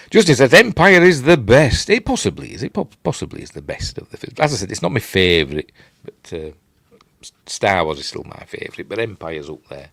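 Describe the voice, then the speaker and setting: A man's voice: fairly low pitch, very animated, normal speed, creaky, husky, no room sound, studio quality. An older man with a Yorkshire accent hosting a casual live-stream chat, rambling and self-deprecating as he reads out viewer comments. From Yorkshire, England. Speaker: host. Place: at home late at night.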